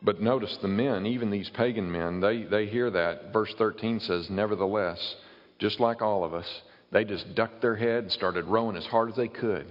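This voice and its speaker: A man's voice: on the low side, moderate pace, big-room sound, dull audio. A man preaching a sermon, explaining and reading Bible verses aloud to his congregation. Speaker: pastor.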